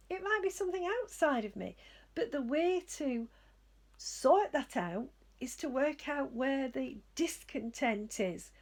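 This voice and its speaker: A woman psychic medium giving spiritual guidance in a gentle, reflective way, often laughing at herself. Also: high-pitched, vocal fry.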